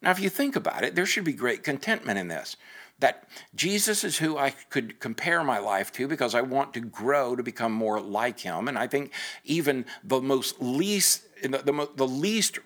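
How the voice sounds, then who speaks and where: A male pastor talking through a podcast sermon in a friendly, conversational way. His voice sits in a middle pitch, and he repeats words as he thinks aloud. He stays upbeat and encouraging throughout. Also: animated, normal speed, fairly bright tone.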